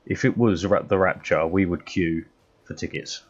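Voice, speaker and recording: An English man with a low voice streams a video game, chatting casually and ramblingly with viewers and swearing mildly. He speaks at a moderate pace, and the recording sounds muffled.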